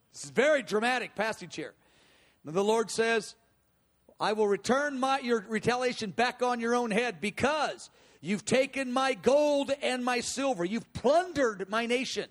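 A man with a very high voice preaching through scripture. He reads the verses dramatically and with strong emphasis, then breaks off to explain them in a teaching tone. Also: animated, moderate pace. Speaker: Bible teacher. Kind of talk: expository sermon.

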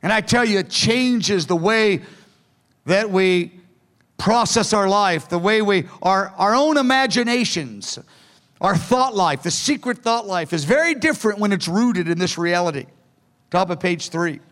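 High-pitched earnest male preacher. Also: expressive, unhurried, fairly bright tone. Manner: earnest, pleading, acts out quoted lines with rising pitch. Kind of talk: sermon teaching from notes.

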